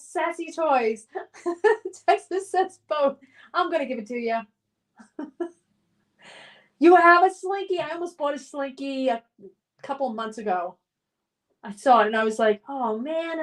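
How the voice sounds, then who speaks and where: Woman streamer with a high voice, upbeat and chatty, reads chat comments aloud and laughs often. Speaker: live stream host. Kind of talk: casual live stream chat, reading viewer comments aloud.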